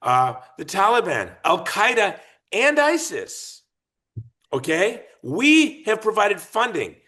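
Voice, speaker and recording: A man talking as a podcast guest in an emphatic, argumentative way. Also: sits high. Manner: emphatic, argumentative, lively and fast-shifting. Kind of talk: animated political talk.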